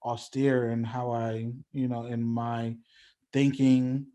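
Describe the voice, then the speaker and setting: A young man of middle pitch talks easygoing and unhurried as a podcast guest. He keeps filling his sentences with "like" and "you know", circling back to his points in a friendly, rambling way. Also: level tone, mellow. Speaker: guest musician. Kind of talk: casual podcast chat.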